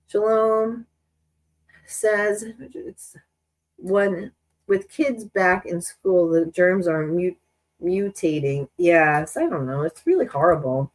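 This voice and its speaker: A woman's voice: lowish voice, slow pace, poor audio. Chatty woman, stuffy with a cold. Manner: chatty and rambling, many restarts. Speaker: sewing channel host. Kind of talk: casual chat while sewing on a live stream.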